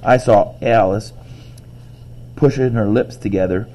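Guy reading a kids book out loud, lowish warm voice, does little voices and whispers. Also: a little slow. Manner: lively, with character voices and whispers. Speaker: reader. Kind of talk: reading a children's novel aloud.

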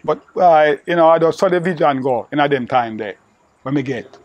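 A man's voice: fairly high pitch, expressive, fairly quick, highs cut off. An older man with a Jamaican patois accent, telling a long, rambling story to an interviewer and filling it with "you know". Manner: repetitive, peppered with "you know". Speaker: interviewee recalling old friend.

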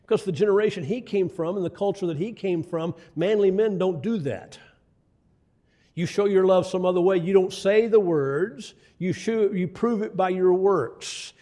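A man's voice: sits high, normal speed, dark tone. An older man preaching a sermon, telling folksy stories with asides to the congregation. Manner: folksy storytelling with asides to the audience.

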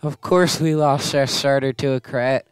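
Slow-talking smooth-voiced gaming man. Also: medium pitch, fairly even intonation, no echo, clean studio sound. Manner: melodramatic, grumbling and self-mocking. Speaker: let's play host. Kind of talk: casual gameplay commentary.

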